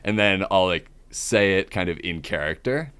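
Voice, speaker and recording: A young man, a podcast guest and comedian, talking casually in a deep, monotone voice, relaxed and self-deprecating with hesitant fillers. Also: moderate pace, smooth. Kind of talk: casual interview chat.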